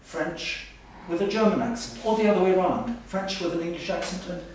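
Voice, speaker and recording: A man's voice: high voice, a little fast, a little mellow, a little hiss or hum, close to an everyday voice. A man playing a pompous, boastful male language professor in a stage comedy sketch, heard from far off in an echoey hall. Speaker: comic stage performer.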